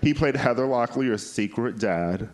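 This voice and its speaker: A man's voice: mid-range voice, measured pace, background noise. A man co-hosting a podcast, telling stories dramatically with campy asides in casual banter. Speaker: podcast co-host.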